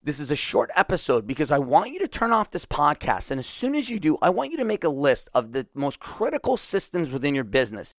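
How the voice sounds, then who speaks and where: A man hosting a solo business podcast, talking straight to his listeners in an energetic, motivational way. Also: a little high, a little fast, few pauses, dry recording. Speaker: podcast host.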